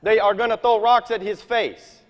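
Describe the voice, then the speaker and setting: A man with a high voice preaches in an animated, folksy way, breaking off into scripture readings. His voice rings with a long reverb in a large hall. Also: moderate pace. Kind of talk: sermon. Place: church meeting hall.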